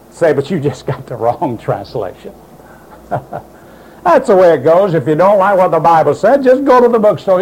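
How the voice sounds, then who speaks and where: Male preacher, high and lively voice, hammering points home as fact. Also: poor audio. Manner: emphatic, insistent, quotes doubters in mocking voices. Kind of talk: sermon.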